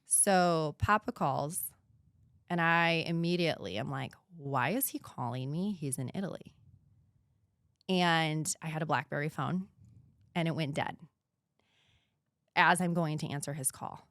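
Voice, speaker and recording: A woman in her thirties talks through a painful personal story as a podcast guest. Her voice sits low, and she speaks earnestly, sometimes dropping to a hushed whisper. The recording is dry and close. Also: a little slow, pauses often, no room sound.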